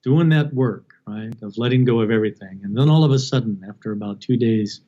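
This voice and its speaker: A man's voice: mid-range voice, brisk, warm tone, dull audio. A middle-aged man, a palliative care physician, talking earnestly and thoughtfully in an interview, often restarting his sentences. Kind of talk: reflective interview talk.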